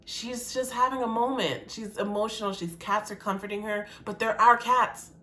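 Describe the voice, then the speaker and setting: A woman's voice: fairly high pitch, fairly even intonation, moderate pace, pushed and bright. A woman poet reacting to a song in a casual video, emotional and repeating her phrases.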